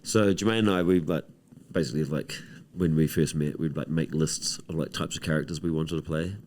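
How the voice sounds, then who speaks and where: A film director with a New Zealand accent chatting casually in an interview on stage, relaxed and rambling with deadpan jokes. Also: male voice, rumbling low, a little fast.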